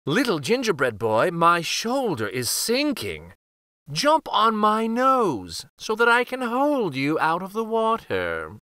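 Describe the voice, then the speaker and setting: Sly storybook fox, read by a man, slow and coaxing, bright tone. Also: sits high, huge pitch swings, no echo, studio quality, pitched above the performer's own voice, heavily acted. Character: sly smooth-talking adult male fox.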